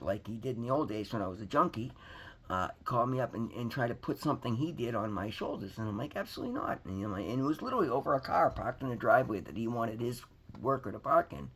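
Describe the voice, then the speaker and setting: Gravelly, earnest man talking to viewers. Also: on the low side. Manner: earnest, rambling, emphatic; addresses viewers as guys. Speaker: recovery vlogger. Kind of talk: personal testimony to viewers.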